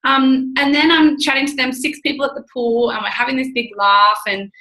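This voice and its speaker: A woman's voice: high voice, fairly even intonation, a little fast, sharp tone, echoey room, low-quality recording. A woman in her twenties, a guest entrepreneur chatting on a call, bubbly and effusive, acting out the people she quotes. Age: 20s. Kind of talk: casual call chat.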